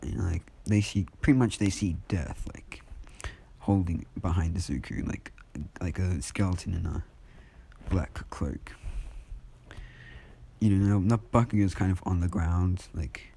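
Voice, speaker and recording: A man rambles through a casual fan story, packed with fillers. His voice is low, dark and husky, and he speaks in an unhurried, offhand way. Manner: rambling, heavy use of fillers.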